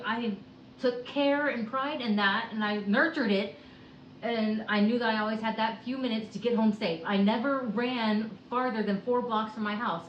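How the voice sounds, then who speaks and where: Sighing woman venting in a roomy room. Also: on the high side. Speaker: vlogger. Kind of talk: candid personal vlog. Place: at home on a couch. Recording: roomy, dull lo-fi home recording.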